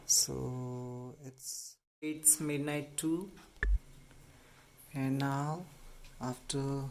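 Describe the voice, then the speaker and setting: Soothing man, slow and gentle. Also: medium pitch, fairly even intonation. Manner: soothing, cooing gently to an injured bird. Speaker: bird rescuer. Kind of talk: casual vlog narration. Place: at home, indoors. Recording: noisy home recording.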